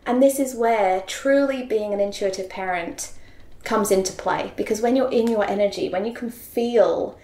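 Animated woman with a gravelly, roomy voice. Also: mid-range voice, normal speed. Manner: animated, laughs often, acts out quoted voices. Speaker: interview guest, mother. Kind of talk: casual conversational interview. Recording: roomy echo.

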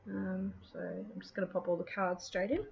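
A woman talking casually through her scrapbooking process, relaxed and chatty, with plenty of ums and thoughts that trail off. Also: medium pitch, moderate pace, vocal fry. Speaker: scrapbooking video host. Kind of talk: casual craft process narration. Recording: dull lo-fi with faint noise.

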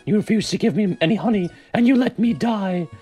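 A man's voice: high voice, lively intonation, brisk, warm tone, husky, faint music behind, voice pushed up. A man voicing Winnie the Pooh as a small cartoon bear who turns sweetly menacing and crude. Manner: sweet-toned yet threatening and crude.

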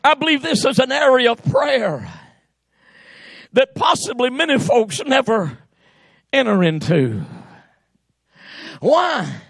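Fervent shouting preacher, high gravelly voice. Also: male voice, sing-song, takes it slowly, long pauses, dry recording. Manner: shouting, fervent, frequent "uh" between phrases. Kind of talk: Pentecostal sermon. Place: church sanctuary.

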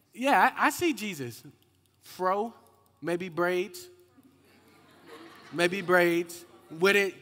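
Lively young man preaching in a hall. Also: high-pitched. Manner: lively and slangy, calls out to the crowd and rises to shouts. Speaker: youth minister. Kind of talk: youth sermon. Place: hall with a youth group. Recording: echoey hall with long reverb.

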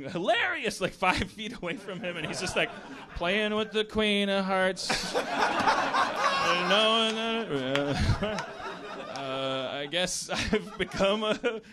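A man's voice: high voice, noisy background. A man hosting a podcast, chatting casually in a rambling, jokey way with many restarts. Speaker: podcast host. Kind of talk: casual chat.

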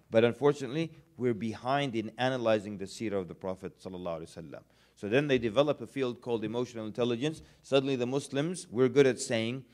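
Guy giving a laid-back lecture, jokey, acts out little bits, normal mid pitch. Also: a little fast, darkish tone. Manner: conversational, humorous, acts out little scenes. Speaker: Islamic lecturer. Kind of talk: casual lecture to students.

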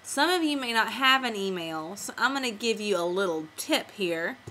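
A woman's voice: medium pitch, animated, normal speed, bright, forceful tone, slight background noise, rough recording. A woman teacher walking children through making a comic on screen, patient and step-by-step. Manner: patient, step-by-step classroom explaining. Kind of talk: screen-recorded software tutorial for kids.

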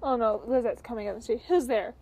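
Young woman, high voice, jumpy horror game commentary, lots of oh god and exclaiming. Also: a little fast, mellow, husky. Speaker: gamer.

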